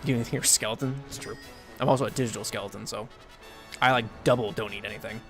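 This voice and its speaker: A man's voice: on the low side, steady tone, fast, faint music behind. A man streaming a game, chatting casually and animatedly, laughing often and swearing now and then. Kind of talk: casual gameplay commentary.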